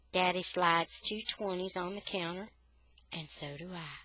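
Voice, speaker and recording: A woman reading a children's novel aloud for English learners, slow and expressive. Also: lowish voice, no echo.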